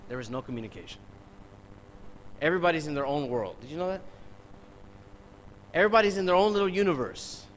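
A man's voice: on the high side, lively intonation, quick pace, pauses often, slight background noise, low-quality recording. A man preaching a sermon who speaks emphatically, peppers his talk with rhetorical questions and addresses the congregation directly.

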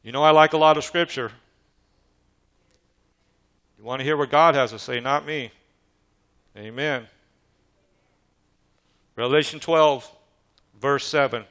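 A man's voice: medium pitch, takes it slowly, long pauses, fairly bright tone, clean tone. A man preaching a sermon, reading scripture and calling questions out to the congregation. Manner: emphatic preaching with call-and-response questions to the congregation. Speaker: pastor.

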